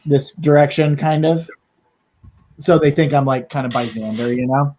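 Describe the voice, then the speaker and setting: A man with a fairly high voice talks as a tabletop game player. He rambles through his plans, leaning on filler words. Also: normal speed, a little mellow. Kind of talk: casual tabletop play.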